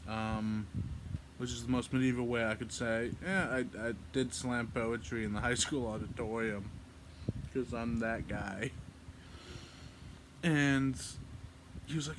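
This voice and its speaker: A man's voice: medium pitch, measured pace, long pauses, background noise. A young man vlogging, telling a story casually and acting out quotes in a mock-medieval voice.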